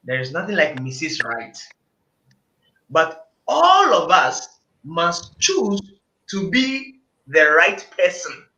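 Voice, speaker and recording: A man with a high, bright voice that rings out, preaching his points with insistent repetition. He is recorded in an echoey room, and the sound is dull and lo-fi. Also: sing-song, takes it slowly. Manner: emphatic, preachy, repeats phrases for emphasis. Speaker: panel guest. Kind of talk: casual group discussion.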